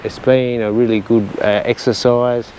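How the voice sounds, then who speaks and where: A man's voice: medium pitch, level tone, normal speed, a little mellow, poor audio. A man narrating a casual walking vlog on coastal trails, chatty and rambling with a light joking tone. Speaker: vlogger. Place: outdoors on coastal cliff trails and caves. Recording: outdoor recording with clear ambient noise.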